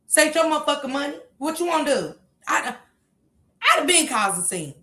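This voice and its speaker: A woman from Kentucky giving casual, emphatic reaction commentary as a streamer, swinging from loud outbursts to quiet asides. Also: sits high, very animated, a little fast, reverberant.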